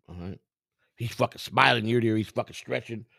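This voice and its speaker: A middle-aged man with a gravelly, rough-edged voice tells stories casually, swearing freely and acting out the people in them. He sounds close and dry, with no room around him. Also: lowish voice, brisk, no echo. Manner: profane, animated, acts out quotes. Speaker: storyteller, former clubhouse worker. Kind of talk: casual storytelling.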